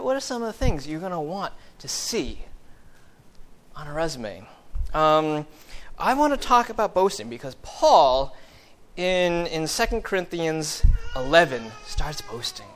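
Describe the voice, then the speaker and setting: A man's voice: a little high, a bit bright. A man, a pastor, giving a sermon in a conversational, joking way, with many fillers and restarts.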